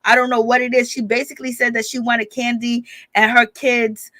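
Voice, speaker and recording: A woman's voice: on the high side, a little fast, no room sound. A woman giving a casual, chatty recap of a reality TV episode and often laughing. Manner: chatty, animated, laughs often, uses "baby". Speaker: reality TV commentator.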